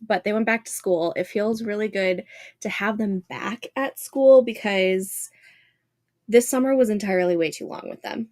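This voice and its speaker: A woman's voice: mid-range voice, a little slow, a little mellow, dry recording. A woman in her thirties hosting a casual writing livestream from home, chatting with viewers and greeting them by name.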